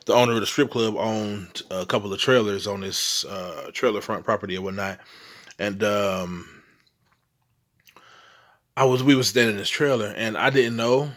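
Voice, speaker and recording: Low-voiced middle-aged man from St. Louis. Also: fairly even intonation, moderate pace, fairly bright tone. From St. Louis, Missouri. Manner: rambling and profane, keeps asking "you know what I'm saying". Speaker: vlogger telling ghost stories. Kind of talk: casual storytelling monologue.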